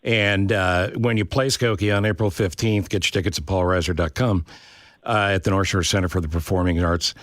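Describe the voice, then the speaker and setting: A man's voice: low-pitched, steady tone, fairly quick, no echo. A sixty-two-year-old man hosting a talk show in a studio, chatting casually and building long setups before his questions. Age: 60s. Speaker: radio show host. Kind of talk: casual interview chat.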